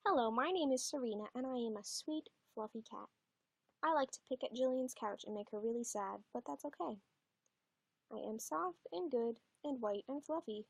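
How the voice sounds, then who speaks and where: A woman's voice: a little high, creaky, no echo. A sweet fluffy house cat, as a woman speaks for her. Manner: simple, cheerful self-introduction.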